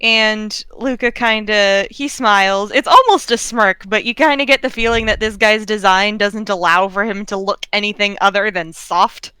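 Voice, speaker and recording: Bright-voiced woman game master. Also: medium pitch, moderate pace, hardly any pauses, clear, resonant tone, dry recording. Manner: relaxed, playful. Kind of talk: narrating a tabletop role-play.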